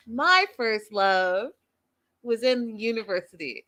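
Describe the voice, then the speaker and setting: Woman doing a tv recap, super chatty and gossipy, kinda dramatic, mid pitch. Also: moderate pace, a bit bright. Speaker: TV recap show host. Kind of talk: casual recap chat to viewers.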